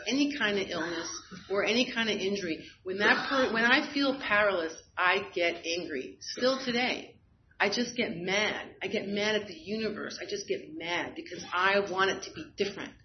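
A woman's voice: mid-range voice, moderate pace, noisy background. Candid woman sharing her story. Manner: candid, self-deprecating, laughs at herself. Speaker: speaker sharing at a recovery meeting. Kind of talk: personal testimony talk. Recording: slightly dull, lo-fi recording.

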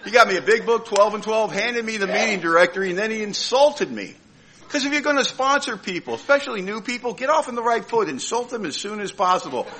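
Fast-talking and forceful, this man has a high, bright voice with lively intonation. As a recovering alcoholic sharing his story at a meeting, he makes his recovery talk funny by acting out others' voices with comic timing.

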